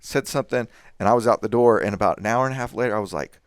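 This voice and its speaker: A man hosting a podcast, telling relaxed anecdotes in casual chat. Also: lowish voice, rapid-fire, clear, resonant tone, no room sound, clean studio sound. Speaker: podcast host.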